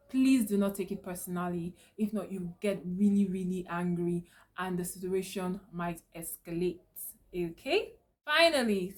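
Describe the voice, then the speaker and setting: A woman hosting her own channel, calmly teaching business communication tips straight to the viewer and checking in with a frequent "okay?". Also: medium pitch. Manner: calm, instructive, addresses viewer directly with "okay?". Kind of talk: direct-to-camera advice talk.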